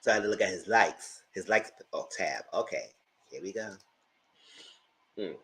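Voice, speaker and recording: A man's voice: deep voice, expressive, normal speed, a bit bright. Sassy man reviewing TV live. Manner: sassy, talking back at the screen. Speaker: TV show reviewer. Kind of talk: casual live commentary.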